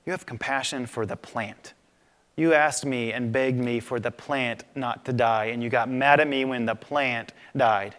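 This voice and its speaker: A preacher voicing God, soft and calm. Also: male voice, medium pitch, a little slow, natural voice. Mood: gentle, pleading. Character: patient gentle God, calm fatherly male voice. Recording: long reverb of a large hall.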